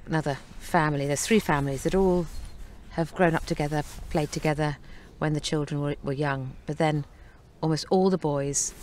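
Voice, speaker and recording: A woman's voice: sits low, darkish tone, a little hiss or hum. Chatty, good-humored woman in an interview. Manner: chatty and good-humored, often breaking into laughter. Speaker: actress interviewed about her film. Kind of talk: press junket interview.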